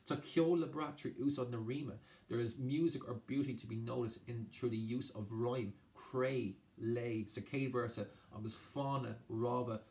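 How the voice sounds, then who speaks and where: A man's voice: mid-range voice, fairly even intonation, moderate pace, hardly any pauses, a little mellow. A man tutoring exam revision, translating each phrase and going over points again and again. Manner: explains by translating each phrase, repeating himself. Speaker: Irish language tutor.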